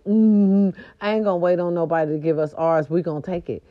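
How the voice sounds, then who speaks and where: A woman's voice: lowish voice, steady tone, a little fast, hardly any pauses, warm tone, highs cut off. A woman hosting a podcast in casual holiday chat, sassy and playful, who breaks into little growls. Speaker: podcast host.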